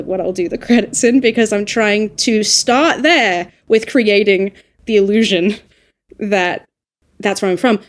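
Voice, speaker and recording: An Australian woman who works as an audiobook narrator and dialect coach chats casually on a podcast in a mid-range voice. She fills the talk with lively asides and quick self-corrections.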